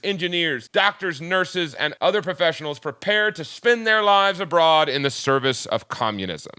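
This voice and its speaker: A man's voice: medium pitch, sharp tone. A man with a Southern US accent, a podcast guest telling history in a loose, jokey, rambling way. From Southern United States. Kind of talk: casual chat, history storytelling.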